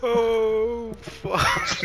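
A man's voice: extremely high pitch, flat delivery, drawn-out words. A young man gaming with friends on a headset mic, laughing hard, swearing and shrieking. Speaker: gamer. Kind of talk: casual gaming chat. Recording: loud game noise behind voice.

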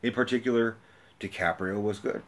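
A young man giving a rambling, profane movie review rant, casual and animated. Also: fairly low pitch, moderate pace.

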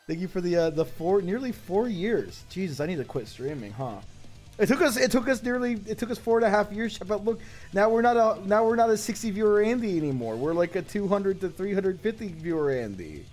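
A man chatting casually on a livestream, excitable and profane, laughing often. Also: high voice, fairly quick, soft background music. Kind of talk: casual stream chat.

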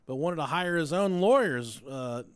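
A man's voice: on the high side, expressive, moderate pace, clean tone, no room sound. A man co-hosting a podcast, telling a true-crime story in a casual, profane way and laughing along. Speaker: podcast co-host.

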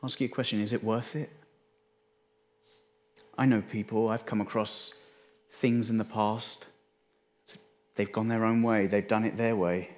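A man with an English accent, a pastor delivering a sermon in a conversational way, often dropping his voice low for emphasis. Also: fairly even intonation, measured pace, pauses often. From England. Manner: conversational, restarts phrases, dips quiet for emphasis.

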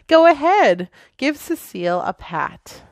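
A woman reading the lines of a shy, gentle old man with a dog in a picture book, in a soft, quiet way. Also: high-pitched, sing-song, takes it slowly, no room sound, pitched above the performer's own voice, exaggerated voice.

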